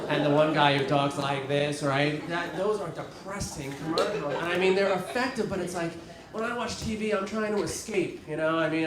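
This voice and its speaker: Self-deprecating man in his thirties, roomy club. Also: fairly high pitch. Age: 30s. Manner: rambling, self-deprecating, with filler words and restarts. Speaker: stand-up comedian. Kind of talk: stand-up comedy set. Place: comedy club stage before a live audience. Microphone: handheld stage mic with dropouts. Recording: roomy club sound with crowd laughter.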